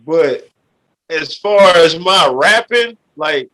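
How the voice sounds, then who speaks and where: A middle-aged man from Louisiana with a high, bright, ringing voice. He talks in a loose, rambling street style, circling back with "you feel me" as he chats about his life. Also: expressive, takes it slowly, low-quality recording. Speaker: podcast guest, rapper. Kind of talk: casual chat.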